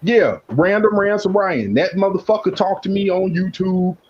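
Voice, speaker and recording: A fairly high-pitched man rants in a heated, profane, boastful way. He talks loosely as a panelist on a live stream. The audio is dull and lo-fi. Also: moderate pace. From South Side of Chicago. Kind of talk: casual chat, ranting.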